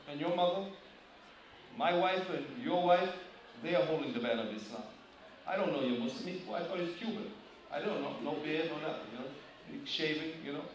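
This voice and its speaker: A man preaching a sermon, addressing the congregation directly with questions in an animated manner. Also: sits high, heavy reverb, slight background noise. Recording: distant mic, loud room ambience.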